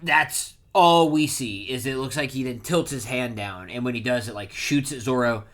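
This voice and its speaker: A man casually recapping a manga chapter, reading panel lines aloud with loud bursts of emphasis and frequent self-corrections. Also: medium pitch, moderate pace. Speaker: manga reaction streamer.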